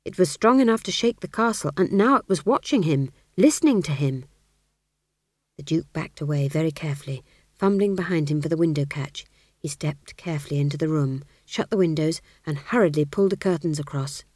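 Dry, low-pitched woman narrating a story. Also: no echo. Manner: expressive, measured storytelling. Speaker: audiobook narrator. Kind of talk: scripted narration of a comic fantasy novel.

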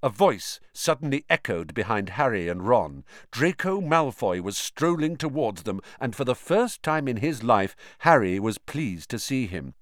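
A man narrating an audiobook in an expressive, animated reading. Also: mid-range voice, unhurried, hardly any pauses, no room sound, clean studio sound. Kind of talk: scripted narration.

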